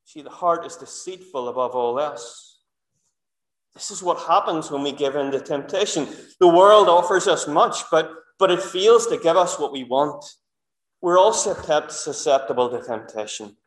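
A man delivers a sermon, earnest and fond of rhetorical questions. His voice sits slightly higher than most men's. The church around him is echoey. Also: moderate pace. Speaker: preacher.

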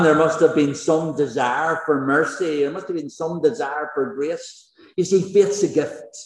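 A man's voice: a little high, a little mellow. A male pastor preaching a sermon to a congregation, emphatic, with rhetorical questions and repeated phrases. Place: large church hall with congregation. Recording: echoey hall with long reverb.

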